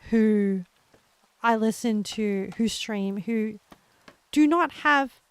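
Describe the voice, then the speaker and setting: A young woman with an Australian accent, chatting gently and encouragingly with her live viewers as a streamer, laughing often. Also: fairly high pitch, takes it slowly, clear, resonant tone, no room sound. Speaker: livestreamer. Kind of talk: casual chat with live viewers.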